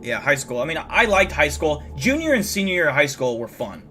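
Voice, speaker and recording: A man's voice: fairly high pitch, very animated, a little fast, pushed and bright, soft background music. A tired young man hosting a livestream, chatting casually with viewers in a rambling, profane way, full of restarts. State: tired, yawning. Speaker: livestream host. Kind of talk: casual chat, reacting to viewer messages.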